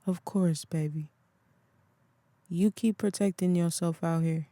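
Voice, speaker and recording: A reader voicing a calm older spiritual woman in an audiobook who gives soothing, assured counsel. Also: mid-range voice, unhurried, dry recording, lightly acted. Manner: soothing, assured, calls others child. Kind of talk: audiobook character voice.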